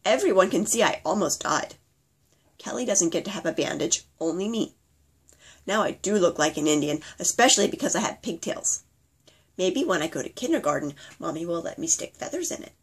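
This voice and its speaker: Her lowish, slightly rough voice is animated and fairly quick as she reads from her childhood memoir. The narration is plain and sincere, told in the present tense from the perspective of the five-year-old she once was.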